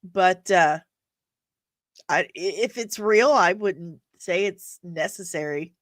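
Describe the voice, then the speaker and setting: A woman hosting a casual live stream of nerd news, chatting with the audience in an animated way and laughing often. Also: fairly low pitch, takes it slowly, no echo.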